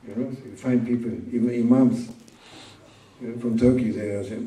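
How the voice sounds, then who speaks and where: A man giving an informal sermon as a sheikh, speaking in a plain, halting way and repeating words for emphasis. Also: mid-range voice, steady tone, mellow. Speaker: sheikh teaching a religious talk. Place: gathering room at a summer camp. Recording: roomy room, distant mic.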